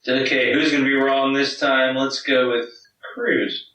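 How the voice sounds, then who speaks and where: A man's voice: mid-range voice, flat delivery, measured pace, sharp tone. A man on a casual podcast panel making wry, sarcastic asides. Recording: roomy, distant mic, faint noise.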